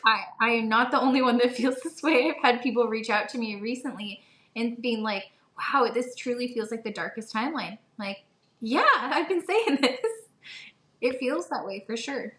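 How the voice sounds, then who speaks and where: Chatty woman in a roomy echo. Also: fairly high pitch. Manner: chatty and animated, quick to laugh. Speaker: podcast co-host. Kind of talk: casual chat.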